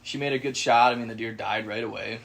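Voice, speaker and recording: Animated man telling a hunting story. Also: mid-range voice, fast, vocal fry. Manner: animated, swearing, acts out quoted voices. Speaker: podcast co-host. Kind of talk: casual storytelling.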